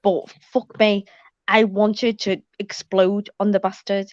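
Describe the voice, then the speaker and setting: A woman telling a story in casual chat, animated and swearing a lot. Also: mid-range voice, slow pace, no room sound. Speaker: panel guest. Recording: slightly muffled, dull audio.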